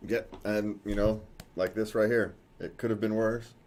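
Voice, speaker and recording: A man's voice: lowish voice, steady tone, moderate pace, a little mellow. A man co-hosting a casual talk show, rambling and correcting himself, chuckling often. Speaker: podcast co-host. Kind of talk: casual chat.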